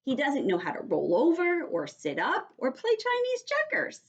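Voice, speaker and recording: Woman doing a shrill, yelling little girl. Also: wildly swooping pitch, moderate pace, dull audio, exaggerated voice. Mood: whiny. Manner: yelling, whiny and dramatic. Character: loud, impatient little girl. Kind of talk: read-aloud storybook voice.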